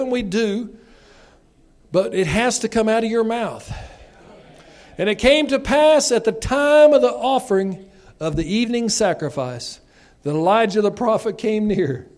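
A high-pitched male preacher with a drawl. He reads scripture in a low, soft voice, then climbs into loud, shouted calls for revival. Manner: builds from quiet scripture reading to loud, shouting exhortation. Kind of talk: revival sermon.

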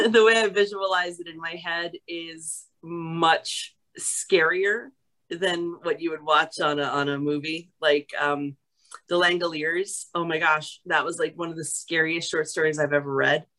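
A woman from New York, an actress, chatting as a guest and telling stories in a lively way. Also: deep voice, measured pace, rough recording. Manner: chatty, animated storyteller. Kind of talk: casual chat.

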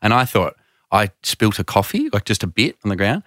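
A man, a comedian guest, telling stories with jokes and quick asides in a casual podcast chat. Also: lowish voice, big pitch swings, fairly bright tone, dry recording, studio quality. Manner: storytelling, jokey, quick asides.

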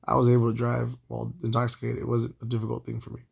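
A man in his late thirties with a heavily gravelly, husky voice, telling a personal story in loose, profane, rambling talk. He keeps his pitch flat and steady and stays in an easy, casual monologue. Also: quick pace. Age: 30s. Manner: profane, rambling, with frequent fillers and restarts.

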